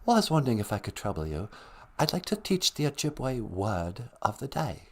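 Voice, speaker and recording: A man putting on a dead male English rock star's ghost with an English accent, speaking in a soft, formal, courtly way. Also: mid-range voice, very animated, fairly quick, slightly rough.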